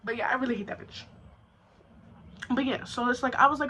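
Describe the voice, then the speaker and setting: A young woman tells a storytime vlog in a blunt, profane, animated way, voicing both sides of the quarrel herself. Her voice sits a little high. Faint background hiss runs under the recording. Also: brisk, long pauses, poor audio. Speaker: vlogger.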